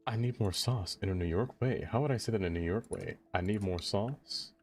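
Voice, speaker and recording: A man's voice: on the low side, fast talker, darkish tone, husky, soft background music. A young man from the United States chatting casually on a live stream, laughing a lot and playfully trying out silly accents.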